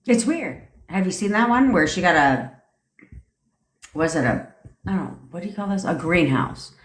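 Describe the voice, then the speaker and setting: A woman's voice: on the low side, lively intonation, moderate pace. A woman coaching manifestation in a casual livestream chat, brash and profane, laughing often. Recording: echoey room.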